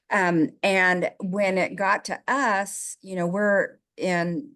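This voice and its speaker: A woman's voice: medium pitch, expressive, measured pace, few pauses, fairly bright tone. Middle-aged woman, podcast co-host, from the Midwest, emotional, laughs while talking. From American Midwest. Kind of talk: casual podcast conversation.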